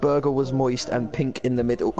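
A young man, ranting in animated slang during a casual chat while gaming. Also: medium pitch, a little fast, muffled recording, over music.

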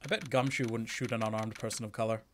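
A man's voice: fairly low pitch, steady tone, fast talker, fairly bright tone, slight background noise. A man casually commentating a game stream, joking and reading the on-screen text aloud. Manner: joking, reads place names aloud. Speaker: let's play streamer.

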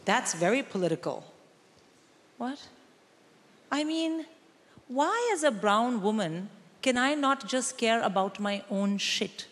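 A woman's voice: fairly high pitch, expressive, slow pace, pauses often, fairly bright tone. A woman from India performing a stand-up routine on stage, brash and exasperated, telling stories with mock indignation. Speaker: stand-up comic. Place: theatre stage with live audience. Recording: live venue with long reverb.

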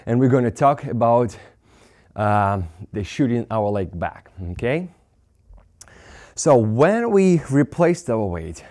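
A man's voice: mid-range voice, a little mellow. A man teaching a dance lesson while demonstrating, counting beats aloud, slightly out of breath, with non-native phrasing. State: out of breath from dancing.

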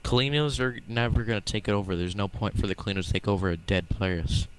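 A man's voice: lowish voice, steady tone, a little fast, slight background noise, poor audio. A man in casual gaming voice chat, teasing and blunt. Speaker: gamer in voice chat.

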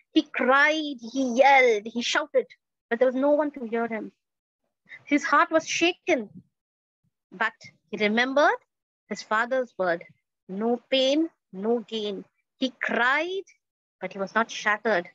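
A woman with a high voice tells a story with dramatic flair, repeating phrases and putting questions to her audience. The sound is dry and a little dull, like a lo-fi recording. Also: a bit bright, no echo. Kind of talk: oral storytelling at a festival. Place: indoor festival stage.

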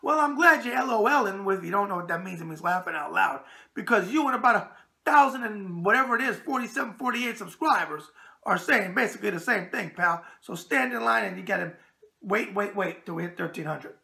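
A man's voice: high-pitched, lively intonation, fairly quick, vocal fry, bright, forceful tone. A middle-aged man hosting a casual boxing mailbag show with brash, tough-guy banter.

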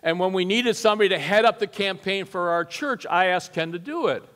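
A middle-aged man giving a storytelling sermon as guest preacher, folksy and animated, his voice jumping up for punch lines. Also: high voice, brisk. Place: church sanctuary. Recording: long church reverb.

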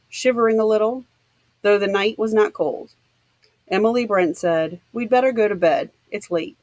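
A woman reading a novel aloud in an even, measured narration. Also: medium pitch, no echo, poor audio. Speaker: audiobook reader.

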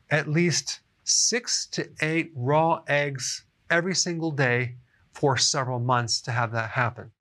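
Casting: middle-aged man, mid-pitched, chatty health explainer to camera, frequent "okay?" check-ins. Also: fairly bright tone. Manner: chatty, often adds "okay?". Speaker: health educator. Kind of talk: casual explainer talk to camera.

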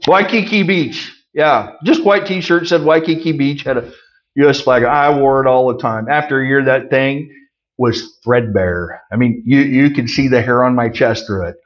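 A middle-aged man preaching a conversational sermon, folksy with joking asides, swinging from loud emphasis to quiet remarks. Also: mid-range voice, normal speed, muffled recording. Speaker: pastor.

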